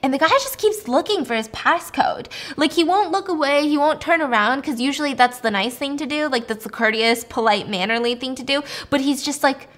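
Podcast host, young woman, fairly high, chatty movie recap. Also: brisk, few pauses. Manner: chatty, animated, lots of fillers. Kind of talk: casual movie recap storytelling.

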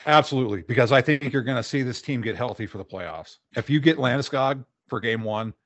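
A man's voice: mid-range voice, fairly quick, no echo. A man co-hosting a casual sports talk show, confident, often repeating words as he starts a point. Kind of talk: casual sports radio chat.

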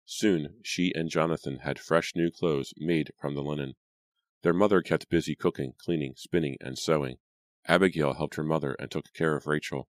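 A man narrating a spooky audiobook in a measured, dramatic storytelling manner. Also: rumbling low, no room sound, studio quality.

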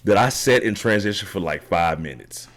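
Brief: very deep man, middle-aged, loose rambling storyteller, tags lines with "right?". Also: lively intonation, normal speed. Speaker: podcast guest, triathlete. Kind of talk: casual storytelling interview.

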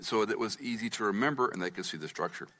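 A pastor preaches an expository sermon, teaching the congregation through a scripture passage and asking them to follow along. His voice is fairly low with lively intonation, fast, pushed and bright.

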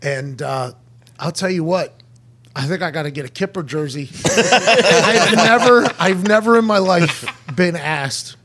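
A young man hosting a podcast, telling stories in animated casual chat, laughing and acting out voices. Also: sits high, unhurried. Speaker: podcast host.

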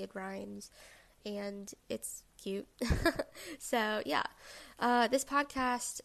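A woman's voice: fairly high pitch, creaky, a bit bright. A woman, hosting her own podcast in a chatty, self-deprecating monologue full of fillers and asides. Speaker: podcast host. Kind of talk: casual solo podcast monologue.

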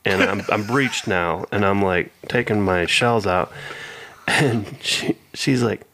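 A man's voice: lowish voice, slow pace, a bit bright, slight background noise. A man telling a long rambling story in casual chat with a friend. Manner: rambling anecdotal, acts out quoted voices.

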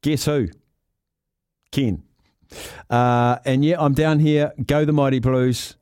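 A man's voice: mid-range voice, steady tone, takes it slowly, darkish tone, clean tone, no room sound. Kiwi radio guy, jokey and upbeat, reading texts on a dry studio mic. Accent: New Zealand. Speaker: radio talk show host. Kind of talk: casual sports talk radio chat.

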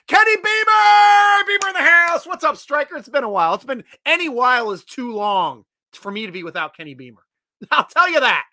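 Bright, high-voiced excited male fan host. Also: no room sound. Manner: energetic, chatty, bursts of loud excitement. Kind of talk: casual sports chat reading viewer comments.

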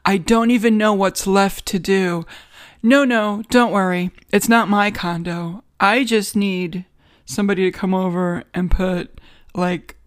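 A woman's voice: medium pitch, steady tone, unhurried, no room sound, studio quality. A woman with a New York accent hosting a casual solo podcast from a home guest bedroom, sarcastic, rambling and self-mocking. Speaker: podcast host.

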